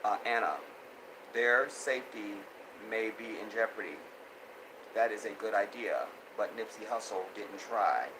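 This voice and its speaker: A man's voice: fairly low pitch, a little slow, background noise. A man hosting a casual live stream, reading viewer comments aloud and reacting with lots of laughter and repeated phrases. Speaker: host.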